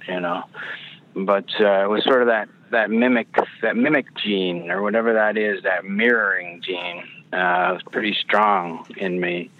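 A man talks through a narrow, phone-like connection, his voice sitting a bit low. He tells his stories in a loose, rambling way, restarting his sentences and dropping in a swear word here and there. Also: fairly bright tone. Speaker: actor guest. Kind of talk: casual podcast interview. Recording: phone-line quality audio.

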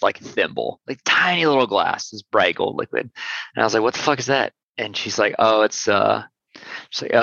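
Gravelly, bright-voiced man, laid-back and profane. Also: on the low side, no echo, highs cut off. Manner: loose and profane, many fillers. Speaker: sour beer brewery owner, guest. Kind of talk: casual interview chat.

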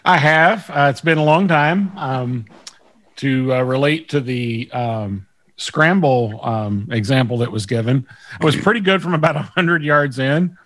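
Brief: male panelist, mid-pitched, measured and halting. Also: fairly bright tone. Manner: measured, hesitant with ums. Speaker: podcast panelist. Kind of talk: casual podcast chat.

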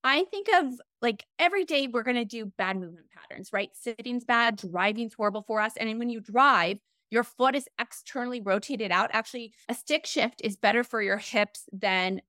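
A middle-aged woman, a fitness trainer guest on a podcast, explaining in an animated way full of "like" and "right?". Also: on the high side, normal speed, few pauses, no echo, clean studio sound.

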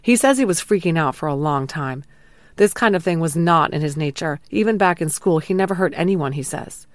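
Woman, low voice, dry close recording, calm scripted true crime narration. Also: no echo. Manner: calm, measured retelling of an interrogation, quoting lines plainly. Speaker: true crime podcast host.

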